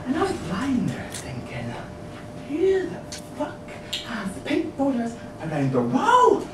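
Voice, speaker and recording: A performer playing an excitable young man who tells a rude tale while giggling and shrieking. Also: mid-range voice, unhurried, far from the mic. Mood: giggly. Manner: giggling, shrieking, breathless storytelling. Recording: echoey room from afar, hissy.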